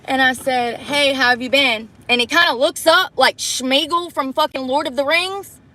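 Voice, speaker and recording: A young woman with a fairly high voice talks bluntly and swears constantly, exasperated as she does her makeup. She is sitting in a parked truck and speaking into a phone camera in a loose storytelling way. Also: fairly even intonation, moderate pace, sharp tone. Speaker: vlogger livestreaming a get-ready-with-me. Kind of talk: casual storytelling while doing makeup.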